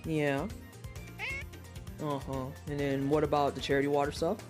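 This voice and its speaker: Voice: medium pitch, flat delivery, moderate pace, long pauses. A streamer chatting casually while playing a game live, swearing and trash-talking enemies, with game music behind.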